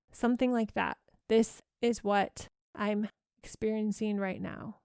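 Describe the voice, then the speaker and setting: A woman parenting coach talking alone on a podcast, gently repeating soft affirmations in a reassuring way. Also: medium pitch, creaky, clear, resonant tone, dry recording, studio quality. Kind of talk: solo podcast coaching talk.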